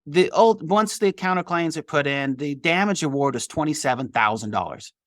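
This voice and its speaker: In a clean, dry studio recording, a middle-aged litigation attorney shares an interview anecdote from work, acting out the lines with animation. His voice is fairly high and his pace normal.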